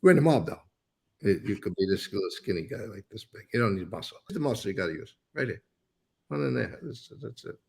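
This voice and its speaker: Gravelly older New man, blunt. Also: on the low side, lively intonation, quick pace. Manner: rambling, blunt, swears freely. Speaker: interview guest. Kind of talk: casual storytelling interview.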